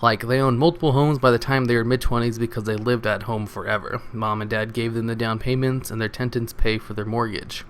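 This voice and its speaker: Man, mid-pitched voice, reads online comments aloud, casual and sarcastic, slight hiss behind. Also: little pitch movement, fairly quick, few pauses. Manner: casual, sarcastic reading with chuckles. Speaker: reader of online posts. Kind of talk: reading forum comments aloud.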